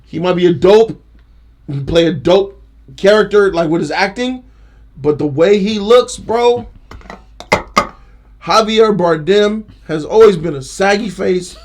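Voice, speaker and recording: A young man hosting a casual trailer reaction chat, animated and joking, laughing often. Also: high voice, measured pace, pauses often. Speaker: host.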